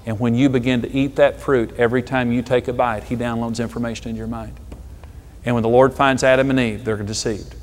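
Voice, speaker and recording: A middle-aged man, a pastor, preaching a sermon with emphatic delivery and stories told with dramatic pauses. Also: mid-range voice, level tone, slight background noise. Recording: long hall reverb.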